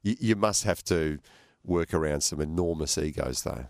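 A man hosting a radio interview, attentive and quick with short affirmations. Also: extremely low pitch, expressive, vocal fry, a little mellow, dry recording, studio quality. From Australia. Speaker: radio host.

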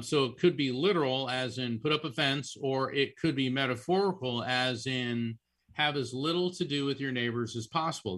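A man who is a psychic medium, giving animated, chatty readings on a call-in show and often repeating names as he goes. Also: medium pitch.

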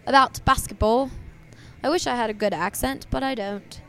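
A woman's voice: fairly high pitch, gravelly. Bantering woman co-hosting a podcast. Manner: quick, bantering, laughs easily. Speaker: podcast co-host. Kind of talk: casual sports podcast chat.

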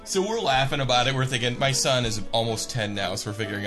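A man's voice: medium pitch, quick pace, hardly any pauses, over music. A man in his thirties, a radio host, telling a funny story with lots of laughter. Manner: animated, laughing as he tells. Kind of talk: comic storytelling.

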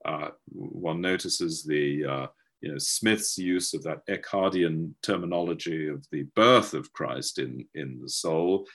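Male lecturer, very low voice, slow deliberate delivery, hesitant and full of restarts; video-call audio. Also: fairly bright tone. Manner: halting, many fillers and restarts. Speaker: guest lecturer. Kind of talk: academic webinar lecture.

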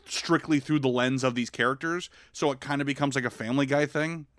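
Male podcast co-host, mid-pitch, chatty and rambling, dry close mic. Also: a little fast, dry recording. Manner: animated, rambling, lots of fillers. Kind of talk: casual film review chat.

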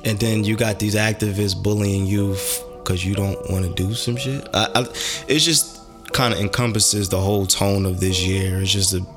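A man in casual podcast chat, animated and rambling, with lots of cursing. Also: fairly low pitch, moderate pace, music in the background.

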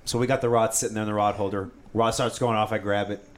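Male podcast host, casual storyteller, animated, mid-pitched. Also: fast, slight background noise. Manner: animated storyteller, acts out quotes, says "dude" often.

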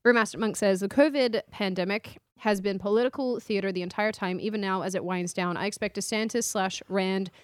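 A woman's voice: medium pitch, fairly even intonation, a little fast, hardly any pauses, no room sound, studio quality. A woman with an Australian accent co-hosting a podcast, casually reading out viewer comments. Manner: reads comments aloud, easygoing. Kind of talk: casual live-stream chat.

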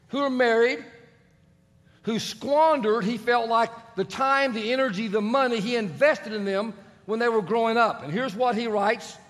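With a high, slightly bright voice, a middle-aged pastor mixes humor into his sermon through family stories, acting out other people's voices. A large hall's long reverb surrounds him.

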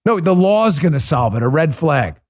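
A man's voice: a little high, sing-song, normal speed. A man hosting a political talk show, speaking in an impassioned, emphatic way and repeating words for stress. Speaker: podcast host.

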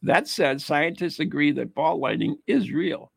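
A man from the United States hosting a casual chat, reading an article aloud haltingly with asides and laughter. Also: a little high, animated, creaky, a bit bright, breathy edge, no echo. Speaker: host.

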